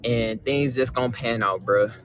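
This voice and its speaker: A young man filming a vlog about buying his new truck, hyped and slangy, shouting with joy, at a dealership and inside the truck on a phone camera. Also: medium pitch, normal speed, no echo, low-quality recording. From Michigan. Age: young adult. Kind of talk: excited vlog clip. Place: truck dealership lot, outdoors and in a truck.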